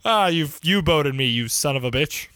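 A young man hosting a casual podcast, jokey and loose with swearing. His voice is high and bright, bouncing all over the place, and it is recorded dry and close. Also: normal speed, clean tone, no room sound. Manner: jokey, animated, swears freely. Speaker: podcast host.

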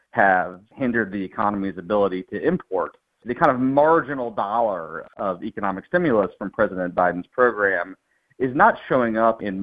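A man who is an economist guest on a podcast, explaining calmly and in a measured way, heard over a remote line. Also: on the low side. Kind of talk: interview answers. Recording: tinny phone-like remote line.

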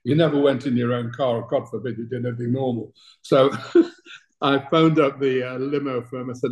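A man's voice: mid-range voice, fairly even intonation, moderate pace, darkish tone. Older british guy telling his old showbiz stories, laughy and chatty, mid voice, roomy echo. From Britain. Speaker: guest, talent manager. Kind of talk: anecdotal interview storytelling.

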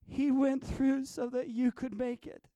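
A man with a high, light voice recounts his dreams and visions as a guest, swinging from near-whispers to raised bursts. The sound is dry and close, with no room around it. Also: a little slow, no echo. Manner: animated, swinging from hushed to loud. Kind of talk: storytelling about dreams and visions.

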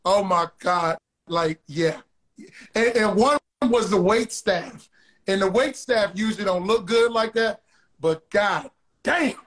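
A man's voice: high-pitched, slow pace, a bit bright. A comedian in his thirties, a man, chatting loosely and telling boastful stories as a guest. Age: 30s. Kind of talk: casual podcast chat.

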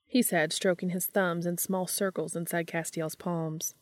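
Woman narrator for fan fiction, low pitch, dry close sound, measured reading. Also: fairly even intonation, no room sound. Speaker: fanfiction reader.

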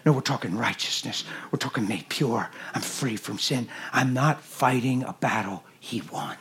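A man preaching a sermon in a church, animated and jokey, swinging from loud bursts to hushed lines. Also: mid-range voice, moderate pace, a little hiss or hum. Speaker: guest preacher.

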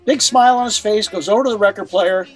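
A man guesting on a podcast, telling jokes and stories in a casual, animated way. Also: sits high, fast talker, soft background music, rough recording. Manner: joking, animated storyteller. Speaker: guest musician. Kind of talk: casual storytelling.

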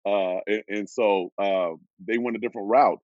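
A man in his fifties from Oregon, a former pro football player, telling stories as a guest in an animated way, laughing as he goes. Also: lowish voice, moderate pace, no echo, dull audio. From Oregon, USA. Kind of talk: animated storytelling.

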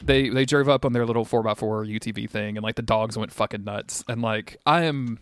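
A man's voice: lowish voice, a little fast, smooth, no echo. A man co-hosting a podcast in casual chat, rambling and self-deprecating, tired and unwell, laughing often. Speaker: podcast co-host.

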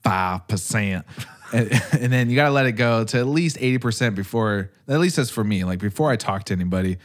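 A man's voice: mid-range voice, fast talker. A young man casually chatting as a podcast co-host, rambling with lots of fillers and frequent laughs. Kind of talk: casual chat.

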